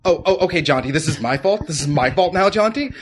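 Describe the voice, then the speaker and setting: A man's voice: on the high side, lively intonation, fast, pitched above the performer's own voice, close to an everyday voice. A man doing a prickly, touchy dwarf. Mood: defensive. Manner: prickly, hesitant, defensive. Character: touchy, easily offended male dwarf. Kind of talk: improvised comedy scene.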